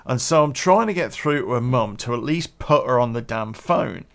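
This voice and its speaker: A man's voice: mid-range voice, expressive, normal speed, vocal fry. A man telling a story from his past in a casual, rambling way, with restarts and swearing.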